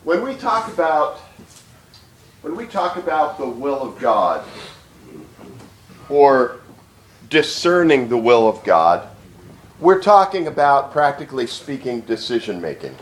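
A man's voice: mid-range voice, sing-song, measured pace, pauses often, reverberant. A man preaching a teaching sermon, emphatic and often repeating phrases as he thinks. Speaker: pastor teaching. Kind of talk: sermon lecture.

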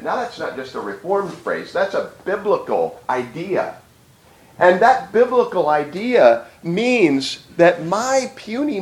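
Emphatic preacher man, lively voice. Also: on the high side, echoey room. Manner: emphatic, repeats phrases while thinking. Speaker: pastor teaching. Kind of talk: sermon lecture.

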